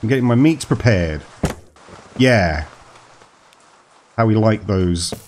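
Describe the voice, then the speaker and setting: A man's voice: fairly low pitch, lively intonation, takes it slowly, darkish tone. A man chatting playfully as he plays a horror game, talking to its characters and joking along. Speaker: gaming video host. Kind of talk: let's play commentary.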